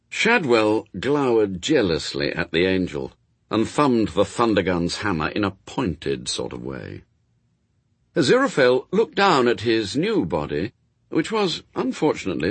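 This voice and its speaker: Male audiobook narrator, wry and expressive, husky, dry close mic. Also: on the low side, no echo.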